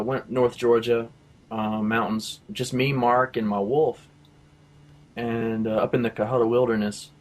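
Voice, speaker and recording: A man telling his own faith testimony in a casual, rambling way, full of fillers and acted-out quotes. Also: mid-range voice. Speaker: testimony teller.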